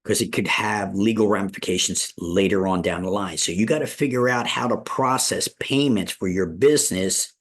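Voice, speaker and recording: A man's voice: lowish voice, moderate pace, hardly any pauses. Folksy male online business instructor. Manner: folksy, repeats "all right?" and "ladies and gentlemen". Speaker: real estate school instructor. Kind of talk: live online business class. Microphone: video call.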